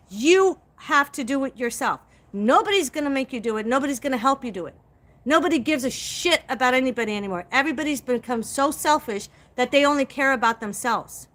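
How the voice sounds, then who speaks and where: A woman's voice: high-pitched, pushed and bright. A middle-aged woman hosting a live stream, talking straight to her viewers in a blunt, profane, emphatic rant. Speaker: psychic livestream host.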